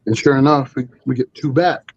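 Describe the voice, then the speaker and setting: A man's voice: medium pitch, fairly even intonation, moderate pace, dry recording, muffled recording. A man telling a story as a guest on a live stream, rambling with many fillers and restarts. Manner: rambling, full of 'you know' and restarts.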